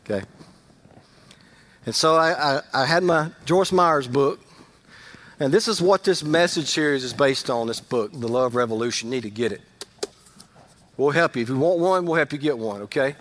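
A middle-aged male pastor giving a conversational sermon, rising to loud emphasis and dropping to quiet asides. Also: medium pitch, normal speed, long pauses, a little hiss or hum.

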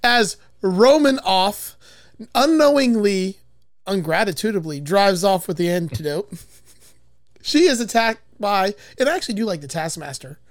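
A man's voice: sits high, lively intonation, moderate pace, dry recording, studio quality. A man hosting a podcast, reading out a movie plot summary and arguing his points, swearing often. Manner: argumentative, swears freely. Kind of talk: casual movie review chat.

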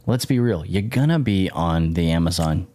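A man's voice: low-pitched, animated, moderate pace, a little mellow, no echo. A man co-hosting a podcast in casual chat, jokey and rambling. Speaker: podcast co-host.

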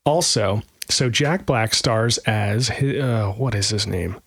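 A man's voice: on the low side, slow, gravelly, fairly bright tone, husky, no room sound. A man co-hosting a casual podcast, talking in a rambling, self-deprecating way with lots of fillers. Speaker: podcast co-host. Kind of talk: casual chat.

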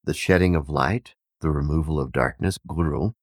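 A man telling a parable and teaching on Vedic wisdom, an animated storyteller who acts out the villagers' shouts. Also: a bass voice, normal speed, no room sound, studio quality. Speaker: podcast host and teacher.

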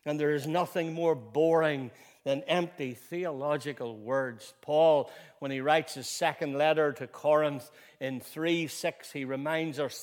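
Man, pastor, sermon, higher-pitched voice, storytelling with restarts, emphatic repeated phrases, long reverb. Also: steady tone, a little slow. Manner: builds to emphatic, rising preaching with repeated phrases.

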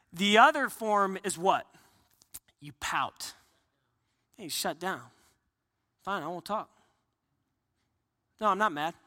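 Man preaching a sermon, high voice, very bright tone, earnest, restarts phrases, reverberant hall. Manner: earnest, repeats and restarts phrases, acts out quotes. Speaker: pastor.

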